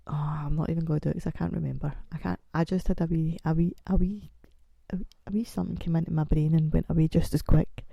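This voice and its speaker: Gravelly woman with a chest infection. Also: deep voice, steady tone, fast talker, hardly any pauses, mellow, no echo, muffled recording. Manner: rambling, chatty and self-mocking. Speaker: podcast host. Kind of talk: casual solo podcast chat.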